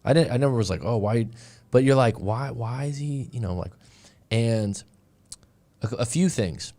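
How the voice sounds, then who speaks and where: A man's voice: mid-range voice, a little mellow. A man hosting a casual live stream as a dating coach, speaking, rambling with frequent restarts and asides as he reads viewer comments.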